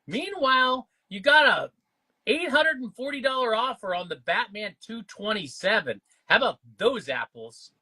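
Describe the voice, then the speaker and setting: A man hosting a live comic book sale stream, upbeat and full of quick banter. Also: very high voice, big pitch swings, pushed and bright. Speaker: livestream auction host. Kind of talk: live sales stream chatter.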